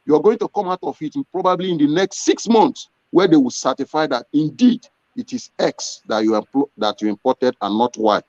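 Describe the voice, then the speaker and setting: A man's voice: a little high, sing-song, moderate pace, hardly any pauses, darkish tone, no echo. A man, a business owner, answering interview questions in an earnest storytelling way. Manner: earnest, storytelling with acted quotes. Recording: dull lo-fi sound.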